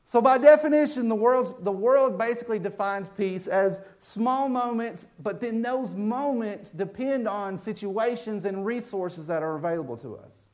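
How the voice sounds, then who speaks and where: A man preaching a sermon, joking with the congregation in an animated way. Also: high-pitched, moderate pace, hardly any pauses.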